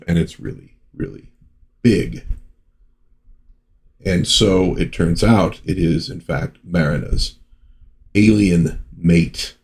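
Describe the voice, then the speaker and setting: A man's voice: low voice, a little mellow. An American man reviewing vintage comics in a chatty, rambling way, full of asides and restarts. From United States. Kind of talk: casual commentary.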